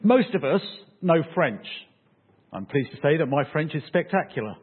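A man's voice: on the high side, lively intonation, moderate pace, breathy edge, phone-quality sound. A man preaching a sermon in a casual, conversational way, often checking in with his listeners.

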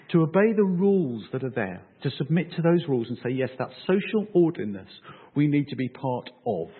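Male preacher, slightly high, husky; relaxed conversational sermon, lo-fi tinny audio. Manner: conversational, checks in with "okay?".

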